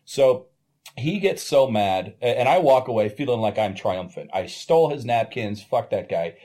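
A man casually telling an animated, profane anecdote in a podcast-style chat. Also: mid-range voice, moderate pace.

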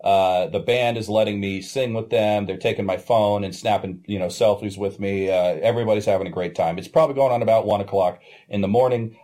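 Male guest with a warm, relaxed voice; lively, profane storyteller in loose conversation. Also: on the low side, fairly quick, hardly any pauses. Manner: animated, profane anecdote-telling. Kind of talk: casual storytelling chat.

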